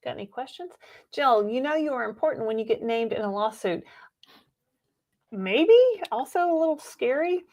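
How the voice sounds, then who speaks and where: A woman co-hosting a casual livestream, animated and teasing. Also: a little high, normal speed. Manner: animated, laughs easily, teasing. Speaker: co-host.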